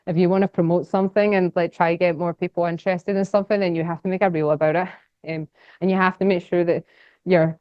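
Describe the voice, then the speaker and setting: A woman's voice: on the low side, mellow, dry recording. A young woman with a Scottish accent talks casually and enthusiastically to a society audience, rambling with plenty of fillers. The recording is dry and a little dull. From Scotland. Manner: chatty, enthusiastic, rambling with many fillers and laughs. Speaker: guest speaker. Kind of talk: casual conference talk.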